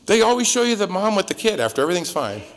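A man's voice: sing-song, very fast. Male pastor teaching verse by verse, chatty and jokey, voice jumps up and down a lot. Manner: conversational and joking, with wide swings in pitch and loudness.

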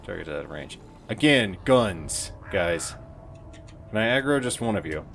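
A man's voice: sits low, big pitch swings, measured pace, vocal fry, fairly bright tone, faint music behind. A man giving casual, jokey commentary while playing an online game, with mock-dramatic outbursts and swearing.

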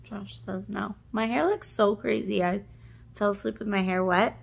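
A woman's voice: medium pitch, normal speed, gravelly, husky. A woman chatting casually to the camera in a hotel room, a rambling storyteller who fills her talk with "like". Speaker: family vlogger, mother of twins. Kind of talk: casual vlog chat.

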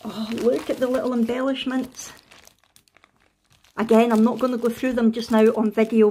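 A Scottish woman in a casual craft unboxing vlog, excitable and gushing, with frequent gasps and delighted exclamations. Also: fairly high pitch, slight background noise. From Scotland. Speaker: craft vlogger.

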